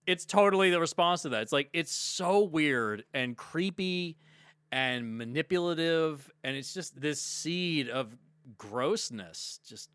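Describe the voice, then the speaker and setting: Lively, animated man chatting on a podcast. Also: a little high, measured pace, smooth, dry recording. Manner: animated, laughs often, swears. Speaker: podcast panelist. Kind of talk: casual chat.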